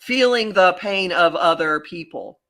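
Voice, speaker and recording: A woman hosting a podcast as a psychic astrologer, talking in a rambling, animated way with many restarts. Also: on the low side, measured pace. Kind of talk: casual podcast chat.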